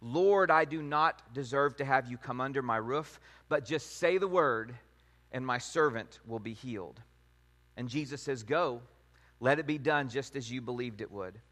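A man teaching a sermon in a measured way, reading scripture passages aloud. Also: medium pitch, fairly bright tone. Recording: long hall reverb.

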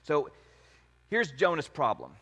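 A man giving a conversational sermon on scripture, with an animated, lively delivery that jumps up in pitch when he acts out quotes. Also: takes it slowly, slightly rough, long reverb tail. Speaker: preacher.

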